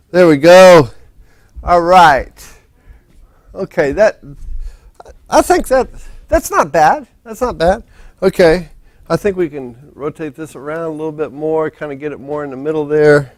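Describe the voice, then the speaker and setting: A man's voice: on the high side, no echo. A man lecturing a physics class in a casual, rambling way, often restarting his sentences. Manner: rambling, restarts often, talks while setting up. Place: lecture hall.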